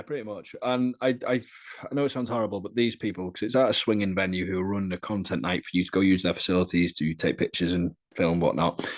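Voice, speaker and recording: A young British man telling candid, crude anecdotes in a casual podcast interview. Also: sits low. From Britain. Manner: candid, chatty storytelling with crude humour. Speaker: adult content creator being interviewed.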